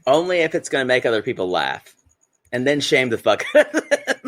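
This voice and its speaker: A man's voice: medium pitch, sing-song, a little fast, a bit bright. A man co-hosting a podcast from home, giggly and rambling with plenty of fillers. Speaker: podcast co-host. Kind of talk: casual chat.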